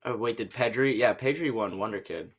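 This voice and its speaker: A man's voice: on the low side, fairly quick, breathy edge, dull audio. A young man co-hosting a podcast in casual, rambling, profane chat. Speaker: podcast co-host.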